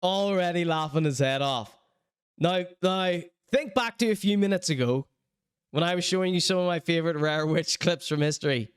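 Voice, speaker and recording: A man's voice: on the high side, normal speed, clean tone, no room sound, studio quality. A man hosting a podcast, commenting on viral clips in a casual, chatty and sarcastic way, laughing often. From Northern Ireland. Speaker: podcast host reviewing clips.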